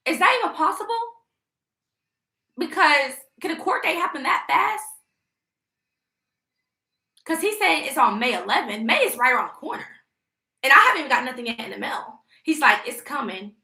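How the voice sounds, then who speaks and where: A woman's voice: high-pitched, bright, forceful tone, reverberant. A young woman venting emotionally on a casual livestream, rambling and indignant. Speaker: vlogger live-streaming.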